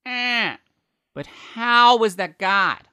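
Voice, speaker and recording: A man putting on an exaggerated impression of his male boss, asking drawn-out, probing questions. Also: very high voice, animated, pushed and bright, clean tone, pitched above the performer's own voice, full character voice.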